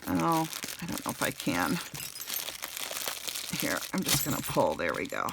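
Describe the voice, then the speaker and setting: Gushing low-voiced woman, gravelly tone. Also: wildly swooping pitch, a little slow, pauses often, noisy background. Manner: gushing, warm thank-yous, many fillers. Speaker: crafting channel host. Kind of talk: casual unboxing chat.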